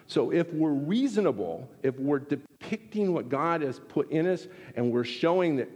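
A man's voice: fairly high pitch, normal speed, hardly any pauses. Man preaching in a reverberant hall. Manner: animated, acts out quoted exchanges. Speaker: pastor. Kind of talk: sermon.

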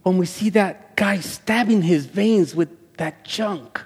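A male pastor who speaks Spanish as his first language, preaching a sermon that swells into loud, high-pitched passion. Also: slow pace, breathy edge. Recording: echoey hall with long reverb.

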